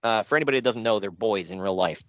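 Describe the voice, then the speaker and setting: A man co-hosting a casual podcast about wrestling shows, sarcastic and animated, laughing often. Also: on the low side, very fast, no room sound.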